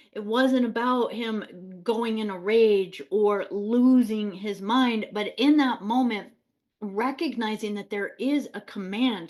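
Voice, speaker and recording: A woman telling a spiritual story in a casual, chatty way, animated and laughing often, with lots of "like"s. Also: fairly high pitch.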